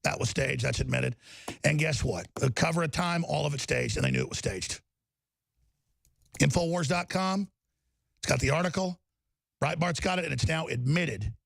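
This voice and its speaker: A man's voice: fairly high pitch, animated, moderate pace, vocal fry, pauses often, no room sound. A man hosting a talk show, delivering heated, emphatic political commentary and repeating words as he gets riled up.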